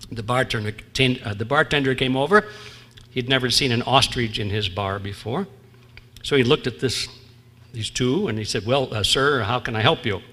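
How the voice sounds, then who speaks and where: A conference speaker with a sharp, mid-range voice gives a wry, comic lecture in a large historic theatre, laughing at his own jokes and lingering on punchlines. The theatre hall produces long reverb.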